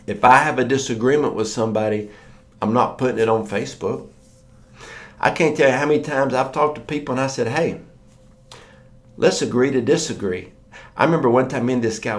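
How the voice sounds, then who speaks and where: Storytelling man preaching a morning sermon. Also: medium pitch. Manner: conversational storytelling, acts out quoted voices.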